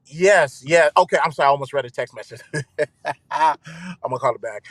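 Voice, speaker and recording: A man hosting his own show, ranting loudly with swearing and repeating himself for emphasis. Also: on the high side, normal speed, no echo. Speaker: host. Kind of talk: ranting live commentary.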